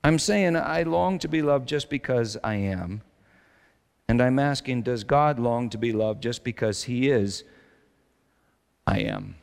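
A male pastor preaching a reflective sermon, slowing down to stress his key lines. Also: mid-range voice, animated, creaky. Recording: long hall reverb.

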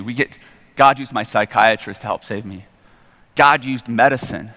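A man's voice: medium pitch, moderate pace, bright, forceful tone. A middle-aged man giving a candid, rambling personal testimony from the stage, a bit self-deprecating. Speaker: guest speaker at church. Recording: long reverb in a large hall.

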